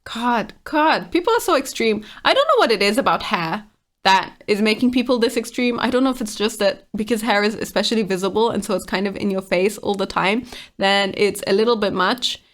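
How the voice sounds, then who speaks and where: A woman's voice: mid-range voice, expressive, brisk, fairly bright tone. A woman casually reading online comments aloud and reacting to them with frank exasperation.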